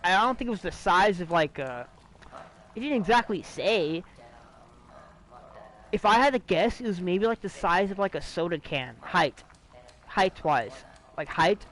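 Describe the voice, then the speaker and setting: A man's voice: high voice, animated, unhurried, long pauses, fairly bright tone, poor audio. A young man streaming, telling a ghost story to his chat in a rambling, profane way, full of restarts and fillers. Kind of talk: casual livestream storytelling.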